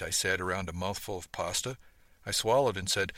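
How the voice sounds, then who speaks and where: A man reading a first-person story aloud, steady and conversational. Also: low-pitched, a little fast, no room sound. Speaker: audiobook narrator. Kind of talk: first-person audiobook narration.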